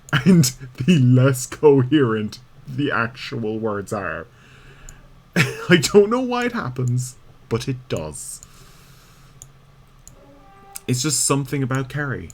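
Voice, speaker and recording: This Irish gamer's mid-range voice has a sing-song lilt, moving at a slow pace with long pauses. He keeps up casual, rambling, chatty commentary while streaming a video game, laughing often.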